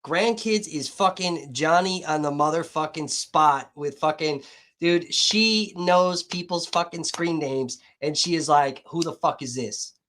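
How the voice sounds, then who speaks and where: A man's voice: a little high, measured pace, fairly bright tone. Profane rambling male livestreamer. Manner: profane, rambling, talking to chat viewers. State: hot and dehydrated. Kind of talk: casual livestream chat.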